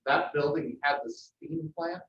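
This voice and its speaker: A man's voice: a little high, steady tone, measured pace, a bit bright, a little hiss or hum. Plainspoken man at a meeting, echoey. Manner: plainspoken, hesitant with frequent ums. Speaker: airport manager. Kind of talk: meeting discussion. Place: council meeting room. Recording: echoey, distant, muffled meeting audio.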